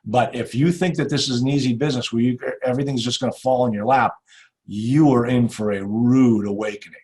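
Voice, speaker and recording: An older man hosting a podcast, chatting casually and animatedly, with many restarts and trailing off quietly. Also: medium pitch, steady tone, fairly quick. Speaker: podcast host. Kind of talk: casual interview chat. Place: home in New Hampshire.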